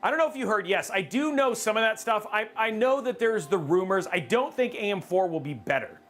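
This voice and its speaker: A man hosting a casual livestream, rambling and excitable, joking about himself. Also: high voice, brisk. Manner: excitable, rambling, self-mocking. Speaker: livestream host.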